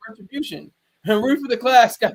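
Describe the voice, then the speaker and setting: A man's voice: very high voice, lively intonation, normal speed, breathy edge. A man giving casual livestream commentary, rambling, restarting sentences and talking back to his chat. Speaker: streamer.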